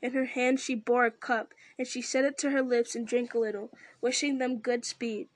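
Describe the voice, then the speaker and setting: A woman reads a fantasy novel aloud in a steady, even voice. Her pitch sits fairly high but barely moves, keeping the narration flat and level. The sound is dry, with no room around it. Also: moderate pace, dry recording. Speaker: reader.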